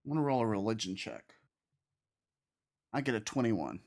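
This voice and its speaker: A man playing a tabletop game, describing his character's actions in an unhurried way. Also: fairly low pitch, very animated, darkish tone. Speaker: player.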